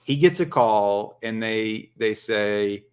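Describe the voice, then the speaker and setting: A man's voice: on the low side, slow. A man hosting a casual livestream chat as a comic shop owner, laid-back and crude.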